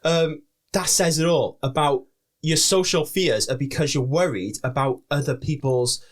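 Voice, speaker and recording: A man's voice: fairly high pitch, normal speed. A young man from Wales co-hosting a podcast, chatting casually, swearing freely and restarting his sentences often. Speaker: podcast co-host. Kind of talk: casual chat.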